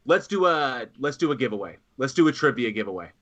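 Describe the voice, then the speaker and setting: Male podcast host, bright tone, casual and profane. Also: medium pitch, sing-song, quick pace. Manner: swearing, scattered and laughing. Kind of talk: livestream chat. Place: home office.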